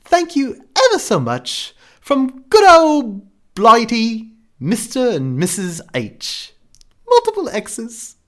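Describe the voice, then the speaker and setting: A man's voice: very high-pitched, huge pitch swings, slow pace, sharp tone, pitched above the performer's own voice, full character voice. A man voicing a prim, fussy older British lady in a put-on Southern British accent, reading a letter. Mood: chirpy.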